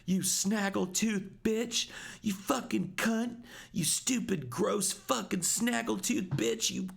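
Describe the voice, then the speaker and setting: Shrill, furious teenage girl, jealous and screaming, voiced by a man. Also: slow, vocal fry, breathy edge, full character voice.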